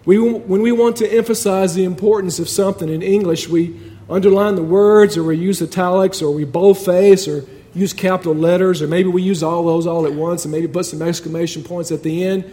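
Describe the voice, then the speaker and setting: A man's voice: high-pitched, steady tone, fairly quick, warm tone. A man preaching a sermon in a conversational but emphatic way, building points through repetition.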